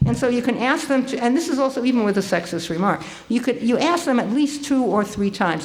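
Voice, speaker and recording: An older woman giving a conference talk to an audience, speaking in a lively, conversational way with frequent ums and restarts. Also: on the high side, normal speed, few pauses. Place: conference hall.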